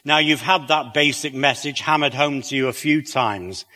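A man's voice: mid-range voice, normal speed, pushed and bright, in a large hall. A middle-aged man with a British accent and a slight lisp, giving a chatty talk to an audience with wry asides and many fillers. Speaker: creationist speaker.

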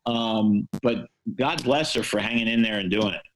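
A man's voice: on the low side, normal speed, low-quality recording. An older American man, a sportswriter, telling wry, self-deprecating stories with many fillers in a podcast interview. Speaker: sportswriter guest.

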